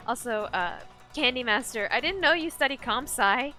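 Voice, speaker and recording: High, bright young woman streamer. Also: expressive, normal speed, faint music behind. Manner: rambling, ranting, reads chat aloud. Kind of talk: casual live-stream chat while gaming.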